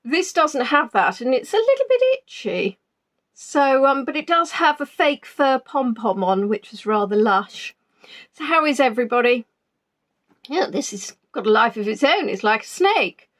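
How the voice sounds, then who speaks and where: An Englishwoman with a somewhat high voice chats away cheerfully from a spare room at home, greeting viewers one by one. Her talk is loose and jolly, full of little ums, as on a home live stream. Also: lively intonation, measured pace, a bit bright. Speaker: online tour guide. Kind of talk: casual pre-tour chat on a live stream.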